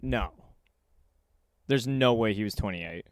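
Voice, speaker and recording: A man's voice: lowish voice, slow, smooth, no echo, studio quality. A man hosting a podcast, telling stories in casual chat with lots of energy. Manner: animated storyteller. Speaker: podcast host.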